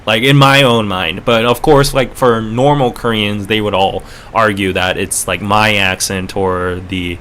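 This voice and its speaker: A man's voice: lowish voice, fairly even intonation, unhurried, few pauses, a bit bright, a little hiss or hum. A man hosting a casual livestream podcast with a North American accent, rambling and chatty with lots of fillers. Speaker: podcast host.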